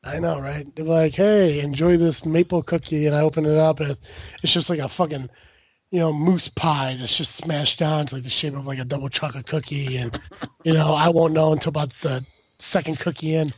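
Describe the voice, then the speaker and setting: A man hosting a podcast in loose casual chat, his voice sitting a little high and very close and dry on the mic. He rambles, restarts and swears as he goes. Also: fairly even intonation, fairly quick, breathy edge, dry recording. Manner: rambling, lots of fillers and profanity. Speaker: podcast host.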